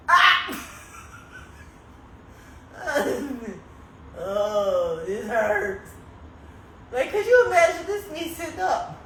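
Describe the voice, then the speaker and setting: A woman's voice: sits high, a bit bright. A woman chatting casually on a livestream, laughing as she complains dramatically about a stiff, sore neck and reads out comments. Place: indoors, on a couch. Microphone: phone. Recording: echoey room, faint noise.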